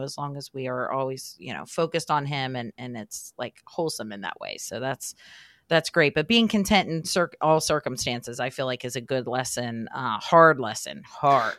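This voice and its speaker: A woman's voice: very deep voice, expressive, moderate pace, fairly bright tone, no room sound, studio quality. A woman hosting a podcast, asking long rambling questions packed with fillers in a casual chatty way. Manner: rambling questions full of likes and you-knows. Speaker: podcast host. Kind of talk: casual interview chat.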